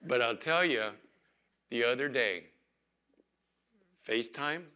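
An older man preaches an earnest sermon as a pastor. His voice sits at an ordinary middle pitch. He slows down and leans into the words whenever he reads scripture aloud. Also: expressive, sharp tone, clear, resonant tone.

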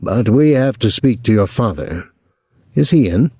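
A man's voice: on the low side, animated, unhurried, warm tone, husky, no room sound, studio quality, heavily acted. A man voicing a sober middle-aged clerk with a ceremonious, churchly manner.

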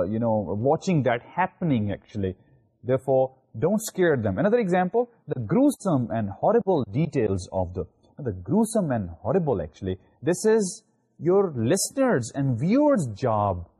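A man lecturing in Pakistani English, explaining at length with many "you know" fillers and phrase endings that drop low. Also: dark tone, husky. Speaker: university lecturer. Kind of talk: recorded video lecture.

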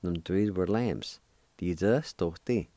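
Deep slow-spoken male language teacher. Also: warm tone, dry recording. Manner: spells and repeats words syllable by syllable. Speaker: radio host teaching language. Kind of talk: slow spelled-out word lesson.

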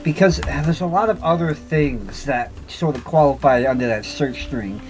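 A man co-hosting a laid-back podcast chat, rambling and thinking out loud as he goes. His voice sits at a middle pitch. Faint music plays quietly behind him. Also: normal speed, poor audio. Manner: rambling, thinks aloud while searching online. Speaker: podcast co-host. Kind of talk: casual chat.

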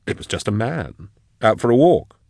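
A man's voice: mid-range voice, very animated, normal speed, creaky, a little mellow, no room sound, clean studio sound, voice pushed up. A man narrating an audiobook, voicing a nervous male scholar who keeps asking anxious questions in a lifted tone. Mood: uneasy.

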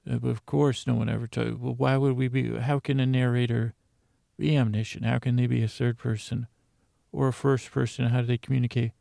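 A man's voice: mid-range voice, flat delivery, a little fast, vocal fry, warm tone, no echo, studio quality. A man playing a narrator in a comedic audio drama, talking in a rambling way with lots of self-interruptions and chatty asides. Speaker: fictional narrator.

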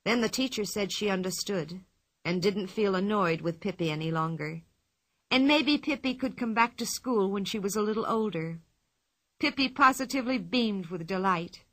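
A woman reads a children's storybook aloud in a bright, clear voice whose pitch moves freely. Her delivery is expressive and even-paced. The recording is dry and close to the mic. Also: normal speed, no echo. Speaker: narrator.

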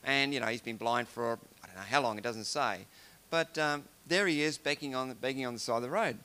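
A man's voice: medium pitch, brisk, sharp tone. A man giving an informal devotional talk, musing aloud and retelling scripture in everyday words. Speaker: preacher.

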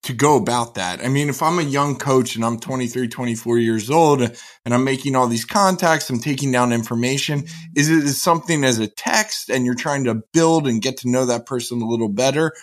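Eager male co-host with quick questions. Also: medium pitch. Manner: eager questioning with stammered restarts. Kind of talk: casual interview talk.

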